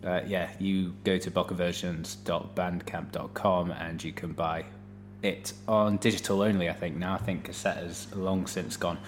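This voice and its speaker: A man's voice: low-pitched, normal speed, a little hiss or hum. A man hosting a music podcast, chatting casually between tracks with many fillers. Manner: relaxed, hesitant with fillers. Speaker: radio podcast host.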